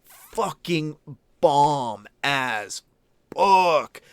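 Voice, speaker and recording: Smooth-voiced man in loose, profane chat. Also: fairly high pitch, measured pace, fairly bright tone, no room sound. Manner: rambling, profane and candid. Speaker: YouTube streamer. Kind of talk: casual livestream chat.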